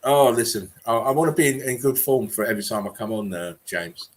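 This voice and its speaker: A man's voice: mid-range voice, expressive, brisk. A man co-hosting a livestream, talking casually with many fillers and restarts. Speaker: stream co-host.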